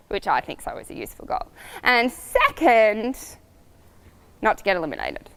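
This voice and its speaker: A middle-aged woman riding coach talking casually to camera, animated and storytelling with laughs. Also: mid-range voice, normal speed, smooth.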